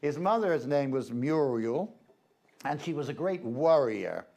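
A man's voice: medium pitch, big pitch swings, unhurried, gravelly, a little mellow. A man, a reverend and guest presenter, giving an informal slide-show lecture in a chatty, hesitant way with frequent fillers.

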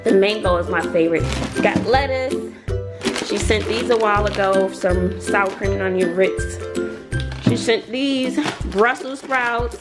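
A woman's voice: medium pitch, unhurried, loud music behind the voice. A woman with a Southern US accent, chatting casually to the camera as a vlogger, laughing often and talking straight to her viewers.

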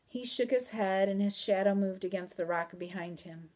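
A woman narrating a children's novel aloud in an even, measured storytelling manner. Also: mid-range voice. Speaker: audiobook narrator.

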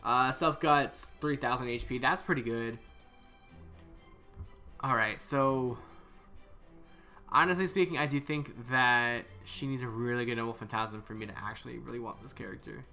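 A man's voice: medium pitch, fairly even intonation, moderate pace, creaky, long pauses, sharp tone, faint music behind. A man casually reviewing a game character, thinking aloud with some hesitant repeats. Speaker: game content creator.

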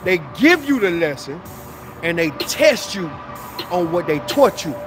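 A man's voice: high-pitched, very animated, measured pace. A man, preaching motivation in a livestream rant outdoors, repeating himself and slipping into a sing-song. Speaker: motivational streamer. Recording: music playing loud in the background.

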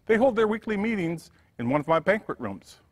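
A man voicing an impatient, angry cafeteria manager who talks loudly and brusquely. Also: high-pitched, big pitch swings, brisk, pitched above the performer's own voice. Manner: brusque, loud. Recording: church hall reverb.

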